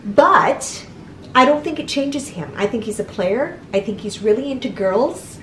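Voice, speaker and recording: A woman co-hosting a casual chat, talking in a chatty, animated way and often correcting herself. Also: fairly high pitch, unhurried. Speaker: co-host. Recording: echoey room, faint noise.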